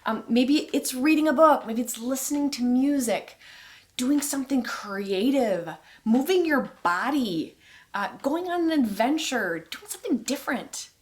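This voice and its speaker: A woman's voice: sits high, lively intonation, a little slow. A woman co-hosting a marriage course video, speaking conversationally to viewers and laughing easily. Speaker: co-host of a couples course.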